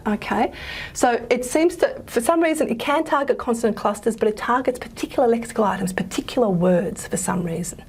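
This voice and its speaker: A woman lecturing on linguistics in a loose, chatty way, full of fillers and quick self-corrections. Her voice is husky, with a gravelly edge at the ends of phrases. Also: on the high side, a little mellow. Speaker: university lecturer.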